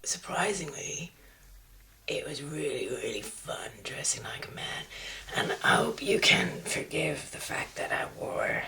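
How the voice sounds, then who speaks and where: A woman doing a husky, whispery drag man. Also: bright, forceful tone, full character voice. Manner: low murmured delivery, drifting accent. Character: husky-voiced young man drag persona, lifelong-smoker rasp. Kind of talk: comic drag character monologue.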